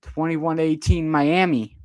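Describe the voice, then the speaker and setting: Young man, play-by-play commentator, excitable, slightly high voice, dry close sound. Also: unhurried, no echo. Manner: excitable, spikes in pitch on big plays. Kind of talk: amateur livestream sports commentary.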